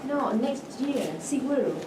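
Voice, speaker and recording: A woman's voice: high voice, expressive, takes it slowly. A woman student answering in class, hesitant and searching for her words. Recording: echoey classroom, distant mic, noisy.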